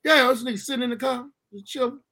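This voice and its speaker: A man with a bright, high voice tells a wild story from his childhood. He swears freely, laughs as he goes and jumps into voices for the people in it. His delivery is loud, loose and full of energy. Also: fast talker. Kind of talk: profane comic storytelling chat.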